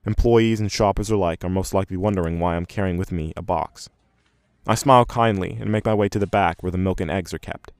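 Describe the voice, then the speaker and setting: A man narrating a first-person short story in a measured, even way. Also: sits low, clear, resonant tone, no echo, studio quality.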